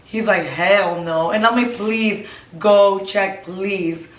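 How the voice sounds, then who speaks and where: A woman recounts a spooky story to her sisters, switching freely between English and Spanish. She sounds roomy and sits some distance from the mic. Her pitch sits in a middle range for a woman. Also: slow pace. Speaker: co-host. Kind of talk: casual storytelling chat.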